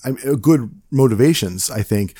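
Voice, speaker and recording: A man's voice: mid-range voice, expressive, moderate pace, warm tone, husky, no room sound, clean studio sound. A man hosting a podcast interview, hesitant, with many filler words. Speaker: podcast host. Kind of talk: casual interview talk.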